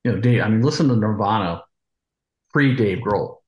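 A man co-hosting a casual interview, musician, telling stories in a relaxed, rambling way. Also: on the low side, normal speed, echoey room, highs cut off. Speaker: co-host, musician.

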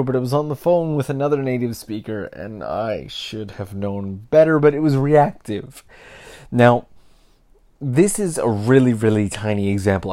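A man's voice: lowish voice, mellow. A Canadian man hosting a casual solo podcast, talking candidly and reflectively and often correcting himself mid-sentence. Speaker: podcast host.

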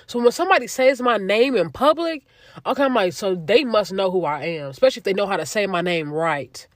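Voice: medium pitch, brisk, dry recording, studio quality. Chatty, cussing young podcaster telling a story. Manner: chatty, profane, animated retelling. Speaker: podcast host. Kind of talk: casual storytelling monologue.

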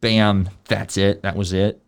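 A man in his thirties hosting a casual conversation, relaxed and rambling with many ums. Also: fairly low pitch, unhurried, vocal fry, clear, resonant tone. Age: 30s. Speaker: podcast host. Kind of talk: casual faith chat.

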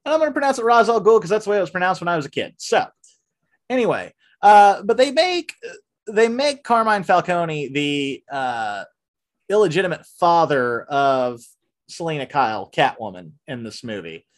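A man hosting a casual podcast, reviewing a film with lots of fillers and restarts, and breaking into animated rants. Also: on the high side, moderate pace. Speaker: podcast host. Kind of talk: casual movie review chat.

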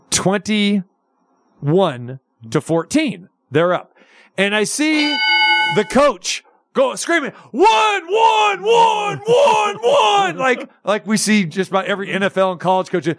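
A man's voice: high-pitched, expressive, slow pace, long pauses, no echo. A man hosting a sports radio show, ranting with sarcastic asides. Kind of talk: casual sports talk radio rant.

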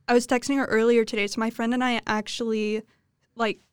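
A woman's voice: on the high side, flat delivery, brisk, clean tone, no room sound, studio quality. A young woman co-hosting a podcast, chatting bluntly with slang. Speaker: podcast co-host. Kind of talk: casual chat.

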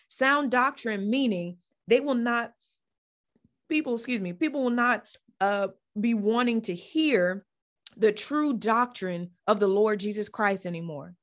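A woman's voice: fairly high pitch, unhurried. A woman hosting a faith podcast, preaching with fervor, repeating phrases and restarting lines as her feeling builds. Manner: fervent, repeats phrases, stumbles over restarts. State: getting emotional. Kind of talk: impassioned Christian teaching.

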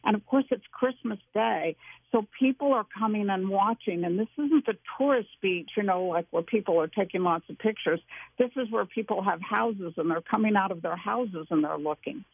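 An expressive woman guest tells a personal story with plenty of feeling. Her voice comes through a tinny, narrow phone line. The sound is close and dry, with no room at all. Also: mid-range voice, moderate pace, husky, no echo.

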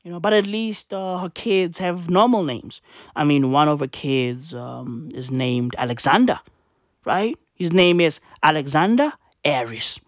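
A woman from South Africa doing a profane comedic rant, swearing constantly, full of slang and tangents, with sudden loud outbursts. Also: deep voice, measured pace, no room sound, studio quality. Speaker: comedic monologue host.

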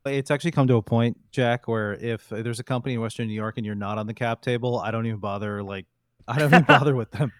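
A male podcast host cuts in with short, quick, joking remarks. He talks fast, at a middle pitch. The sound is dry and close. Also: a bit bright, no echo. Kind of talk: casual interview.

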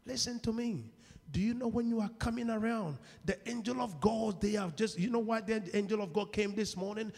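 A man preaching a sermon, asking the congregation questions and shouting at key points, acting out the people in his stories. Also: high voice, a little fast. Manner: call-and-response questions, shouts at peaks; acts out quoted people in dialogue. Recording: long hall reverb.

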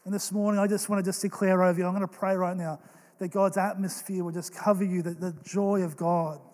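A young man delivers a sermon with earnest, animated storytelling. His voice sits high for a man. It rings out with a long reverb in a large church hall. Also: fairly quick. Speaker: pastor.

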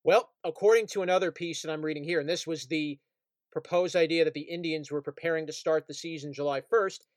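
A man with a fairly high voice talks sports in a relaxed podcast chat, reading news items aloud. His voice is close and dry, with almost no room sound. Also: fairly quick, no echo. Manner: reads out news items, laughs easily. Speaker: podcast co-host.

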